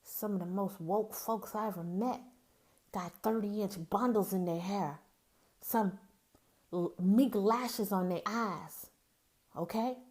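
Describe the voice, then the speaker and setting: A woman's voice: mid-range voice, slow, darkish tone. Candid Southern woman with a folksy style. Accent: Southern US (Mississippi). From Mississippi, US. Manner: candid, folksy, calls listeners "baby". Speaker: podcast host. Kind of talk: personal monologue.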